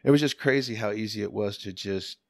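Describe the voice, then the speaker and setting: A man in his fifties, a podcast guest, telling stories in a loose, animated way, swearing freely and laughing often. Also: fairly low pitch, fairly quick, creaky, no room sound, clean studio sound. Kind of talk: casual storytelling.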